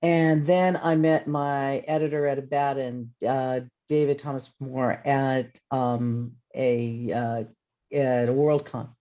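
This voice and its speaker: A woman's voice: extremely low pitch, slow. A woman author on a convention panel, telling stories in a chatty way and acting out bits of dialogue. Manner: chatty storytelling with lively re-enacted dialogue. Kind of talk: casual panel talk. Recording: slightly muffled audio.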